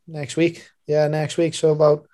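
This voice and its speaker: A man's voice: fairly high pitch, monotone, measured pace, dark tone. A man from Britain co-hosting a podcast, trading laid-back, teasing banter. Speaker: podcast co-host. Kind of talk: casual pub chat.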